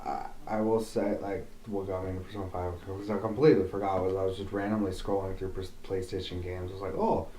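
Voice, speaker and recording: A man's voice: low-pitched, little pitch movement, quick pace, hardly any pauses, mellow, echoey room. A man co-hosting a podcast, talking in a laid-back, offhand way. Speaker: podcast co-host. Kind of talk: casual chat.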